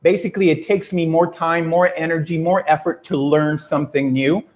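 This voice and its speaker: A man giving an energetic, emphatic motivational talk to a group, telling stories and acting out quotes. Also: on the high side, normal speed. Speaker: business coach. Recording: lo-fi muffled audio.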